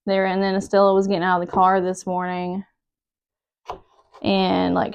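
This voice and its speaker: A woman's voice: on the low side, monotone, moderate pace, vocal fry, clean tone. A woman in her thirties, a mom, chatting casually in her home kitchen while she cooks, telling a rambling, emotional story about a hard morning. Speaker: mom vlogger cooking at home. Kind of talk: casual chat while cooking.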